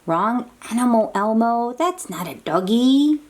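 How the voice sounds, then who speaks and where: Woman, children's book reader, higher voice, animated sing-song delivery with soft whispers. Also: unhurried. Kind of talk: reading a picture book aloud to toddlers.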